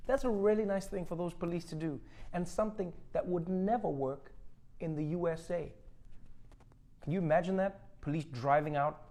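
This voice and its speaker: Comedy news host: a man with a slightly high voice, sarcastic punchlines. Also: a little mellow. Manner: joking, sarcastic delivery with acted-out bits. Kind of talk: satirical news monologue.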